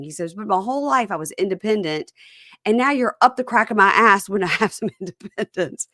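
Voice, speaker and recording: A woman co-hosting a casual chat, telling stories with lively energy and acting out what people said. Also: medium pitch, brisk, no echo, studio quality. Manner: animated storyteller who acts out quoted people in shifting voices. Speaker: podcast co-host recapping a reality show.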